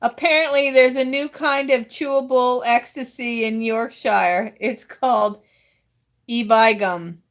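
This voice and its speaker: A woman's voice: on the high side, fairly even intonation, unhurried. A woman with a Southern US accent reading roast jokes aloud as host, giggling between them and stumbling over her lines.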